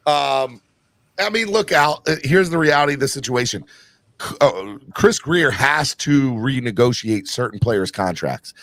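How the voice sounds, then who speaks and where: A man's voice: mid-range voice, lively intonation, a little slow, a bit bright, no echo. A man hosting a casual sports podcast, talking emphatically and often restarting his sentences. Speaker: podcast host.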